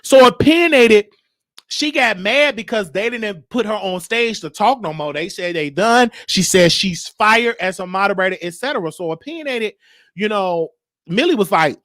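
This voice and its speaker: A man hosting his own show, telling a story in a casual, animated way and mimicking the people in it. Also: moderate pace, no echo, clean studio sound. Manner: animated, mimics others, drops to a low crooning voice. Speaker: show host.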